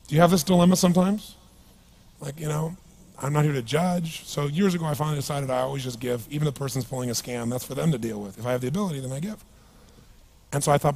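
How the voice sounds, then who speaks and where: Speaking at a seminar, a middle-aged man shares a story from his own life with the live crowd, asking them questions in a lively, chatty way. He sounds a little high and speaks fast.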